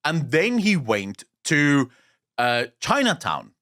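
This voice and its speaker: A man's voice: on the high side, slow. A man from South Africa co-hosting a gaming podcast, telling stories in casual chat, emphatic and swearing freely. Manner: lively storytelling, swearing, emphatic. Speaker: podcast co-host.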